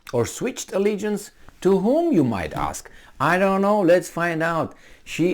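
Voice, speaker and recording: A man delivering sarcastic political commentary to his viewers, reading news aloud and mocking it. He talks slowly, with his pitch swinging widely between lines.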